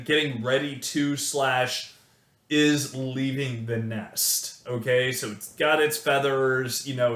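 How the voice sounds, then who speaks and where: A man of ordinary pitch talks through a poetry lesson in a relaxed, conversational way, often restarting his sentences and adding asides. His voice carries a noticeable room echo, as if recorded in a bare space. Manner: informal, chatty, full of restarts and asides. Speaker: poetry lecturer. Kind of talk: casual recorded lecture.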